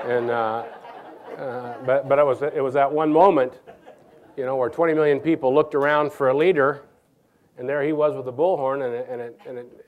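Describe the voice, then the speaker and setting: A middle-aged man from Nebraska speaks at an evening lecture in a voice of ordinary, middle pitch. He stops and restarts often and chuckles as he tells his stories. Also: darkish tone. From Nebraska, USA. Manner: halting, many restarts, chuckling anecdotes. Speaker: guest speaker.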